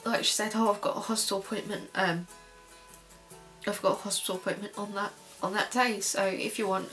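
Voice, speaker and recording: A young woman, a student filmmaker, quietly recalling events in a personal documentary interview. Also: mid-range voice, little pitch movement, a little fast, faint music behind. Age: young adult. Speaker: filmmaker recalling her mother's illness.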